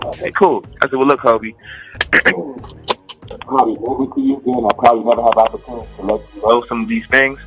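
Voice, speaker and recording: A man from Maryland telling a personal story in a casual, animated way and acting out what people said. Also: mid-range voice, fairly quick, soft background music, rough recording. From Maryland, USA. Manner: animated, quotes people as he tells it.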